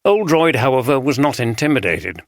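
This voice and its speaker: Male audiobook narrator, measured, mid-range voice, dry studio sound. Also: medium pitch, sing-song, no room sound. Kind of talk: scripted narration.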